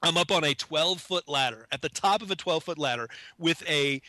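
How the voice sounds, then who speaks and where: Bright-voiced man telling a self-mocking story. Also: fairly high pitch, a little fast, no echo. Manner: self-mocking, animated, acts out his own shocked voice. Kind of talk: casual anecdote.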